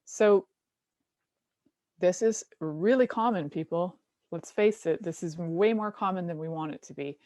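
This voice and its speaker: A woman's voice: lowish voice, unhurried, darkish tone, no room sound. A middle-aged woman hosting a talk show, chatting casually, laughing often and acting out voices as she tells stories. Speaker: show host.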